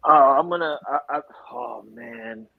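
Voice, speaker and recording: Excitable man, rambling sports banter, higher-pitched voice, dry close sound. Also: vocal fry, dry recording, narrow, tinny audio. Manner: excitable, rambling, quick to laugh. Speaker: sports show co-host. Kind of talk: animated casual sports banter.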